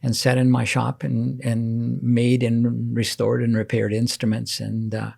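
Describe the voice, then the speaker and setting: Older male guest, halting storyteller, laughs softly as he talks. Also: medium pitch, completely flat delivery, vocal fry. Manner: halting, many restarts and soft laughs. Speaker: interview guest. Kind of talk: casual storytelling interview.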